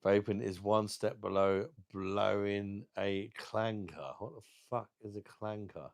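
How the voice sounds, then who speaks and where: Bloke, real deep and gravelly, chatting to viewers on his beer stream, swears a lot. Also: fairly even intonation, a little slow, no room sound, clean studio sound. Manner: sweary, emotional, talks to chat viewers. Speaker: beer channel host. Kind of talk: casual live stream chat.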